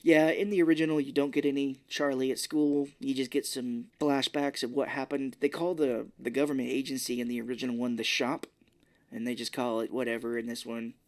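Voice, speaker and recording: A man co-hosting a podcast, casually recapping a movie in an animated way. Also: medium pitch, brisk. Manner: animated retelling with acted-out quotes. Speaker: podcast co-host.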